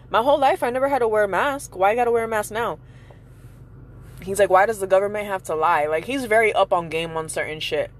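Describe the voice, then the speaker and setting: Angry profane young mother ranting. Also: lowish voice. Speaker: mother venting. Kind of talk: casual ranting vlog. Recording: noisy street background.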